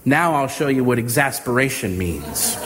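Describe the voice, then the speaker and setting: A man preaching voices a calm father patiently explaining things to his young daughter. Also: mid-range voice, moderate pace, background noise, pitched below the performer's own voice, lightly acted. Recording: reverberant hall with faint ambience.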